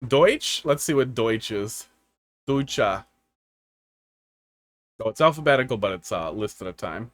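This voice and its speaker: A man's voice: medium pitch, expressive, a little slow, long pauses, fairly bright tone, no room sound. A man from the United States giving casual, joking live-stream commentary on viewer-made game levels, rambling and laughing often.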